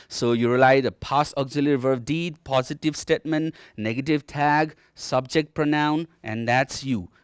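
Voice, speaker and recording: A man's voice: on the high side, clear, resonant tone, no echo, studio quality. A man with a Nepali accent teaching English grammar in a televised distance-learning lesson, explaining patiently and often checking in with "okay". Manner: explanatory, repeats "okay" often, demonstrates rising and falling tones. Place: TV studio.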